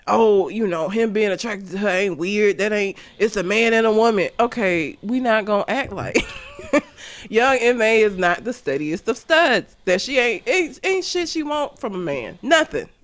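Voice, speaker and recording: A man's voice: high voice, expressive, normal speed, a bit bright. A man co-hosting a casual podcast, ranting bluntly with strong opinions. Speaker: podcast co-host. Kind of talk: casual chat.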